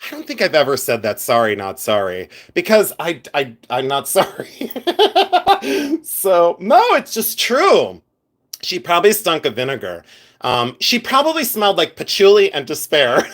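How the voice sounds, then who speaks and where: A man's voice: a little high, wildly swooping pitch, normal speed, a bit bright. A man hosting a live stream about gems, chatting casually with viewers, giggling often and rambling into asides. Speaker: livestream host showing gems.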